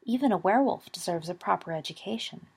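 A woman's voice: medium pitch, expressive, normal speed, gravelly, husky. Dumbledore, as a woman reads a courtly old wizard. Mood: calm, assured. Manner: courtly, gently assured. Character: elderly calm twinkling male wizard headmaster.

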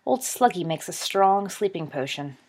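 A woman's voice: fairly low pitch, lively intonation, normal speed, a little mellow. Easygoing young wizard, as a woman reads him. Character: teasing young adult wizard, easygoing older brother. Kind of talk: audiobook character voice.

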